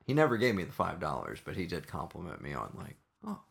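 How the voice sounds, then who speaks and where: Male podcast co-host, gravelly, bright tone, casual and jokey. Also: low voice, huge pitch swings, quick pace. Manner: laid-back, jokey, laughs often. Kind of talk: casual chat.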